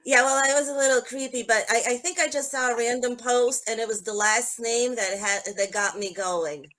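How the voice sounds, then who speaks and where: A woman's voice: on the high side, fairly even intonation, normal speed, a bit bright. Earnest woman hosting a live talk show. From Georgia. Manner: earnest, personal storytelling. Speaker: host. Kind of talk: live-stream podcast chat.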